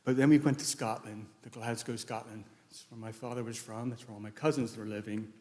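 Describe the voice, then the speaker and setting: A man's voice: lowish voice, fairly even intonation, fairly quick, mellow. A man giving a eulogy for his late wife at a funeral, telling rambling, anecdotal stories with many restarts. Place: large church sanctuary. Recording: echoey church hall.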